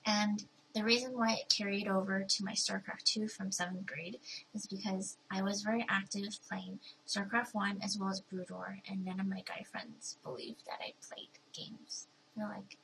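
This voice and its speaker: A woman's voice: medium pitch, level tone, normal speed, vocal fry, fairly bright tone, slight background noise, poor audio. A young woman in her twenties chatting to her viewers in a casual Q&A vlog, bubbly and talkative, with playful voices for the people she quotes. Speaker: vlogger. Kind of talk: casual talking-to-camera Q&A.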